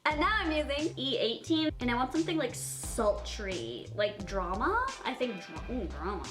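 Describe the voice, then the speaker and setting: Young female beauty vlogger, gushing and giggly, slightly high voice, music playing underneath. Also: expressive, moderate pace. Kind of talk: casual makeup tutorial chat.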